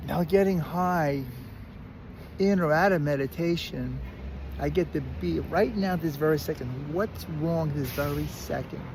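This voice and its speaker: A man with a Brooklyn accent telling a personal story in a casual, animated way, often restarting and repeating words. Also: fairly high pitch, measured pace, noisy background. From Brooklyn, New York. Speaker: recovery speaker.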